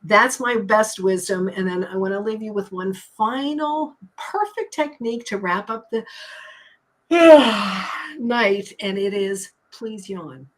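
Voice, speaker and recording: A woman's voice: mid-range voice, lively intonation, measured pace, few pauses, a bit bright. A woman coach on a live stream, upbeat and teacherly, repeating key words for emphasis. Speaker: anxiety coach and hypnotist.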